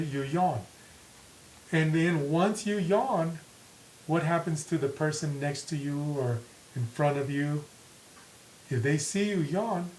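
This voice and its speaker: A man teaching a grammar lesson, dictating sentences slowly and reading out the punctuation. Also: fairly high pitch. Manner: slow, deliberate dictation, reading punctuation aloud. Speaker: English teacher. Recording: echoey room with faint hiss.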